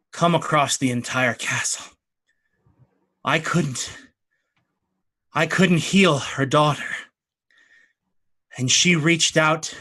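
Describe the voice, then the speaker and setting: A dying old priest , as a game master puts him on, struggles to get each word out, stopping and repeating himself as his strength drains away. The voice is thin and bright. It sounds like a tabletop game told live. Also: mid-range voice. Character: dying old male priest, weak and fading.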